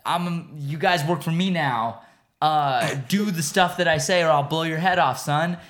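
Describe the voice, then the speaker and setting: A man's voice: a little high, unhurried, fairly bright tone. A man doing a bossy government boss woman.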